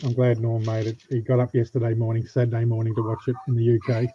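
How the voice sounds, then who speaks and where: A man talks fast and chattily, telling a short story on a livestream. His sound is dull and lo-fi, with crickets chirping behind. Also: medium pitch, completely flat delivery, crowd noise. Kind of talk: casual chat.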